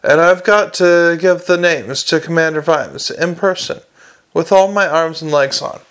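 A man's voice: a little high, a little slow, fairly bright tone, clean tone. A man reading aloud and voicing an anxious, bumbling middle-aged city watchman who pleads for help. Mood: worried.

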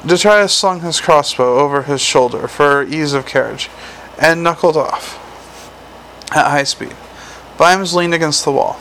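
A man reading a comic fantasy novel aloud in a measured, wry storytelling manner. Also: fairly high pitch, fairly bright tone, a little hiss or hum, poor audio. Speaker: audiobook narrator. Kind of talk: storybook narration.

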